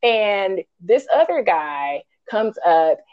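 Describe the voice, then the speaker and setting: A woman co-hosting a podcast, reviewing a film in casual chat, animated and ranting, acting out quotes in high voices. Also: slow, dull audio. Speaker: podcast co-host.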